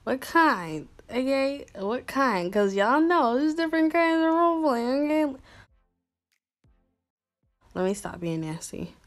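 High-ish voiced woman chatting to her fans, playful and slangy, light music in the back. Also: very animated, takes it slowly, long pauses. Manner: playful, slangy, upbeat, talks straight to viewers. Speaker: YouTuber replying to fan messages. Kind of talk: casual chatty vlog.

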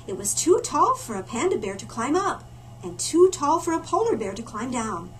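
A woman reading a picture book aloud to children, her high voice swooping up and down with drama. She turns to her listeners with little asides, and the mic sits far off with a faint hiss in the room behind. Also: very animated, moderate pace. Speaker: librarian storyteller. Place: library.

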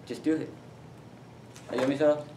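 A man's voice: on the high side, steady tone, quick pace, heavy background noise. Guy hosting a goofy challenge vid, upbeat and loose, echoey room, far from the cam. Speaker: host. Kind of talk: casual video chat. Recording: roomy, camera far off.

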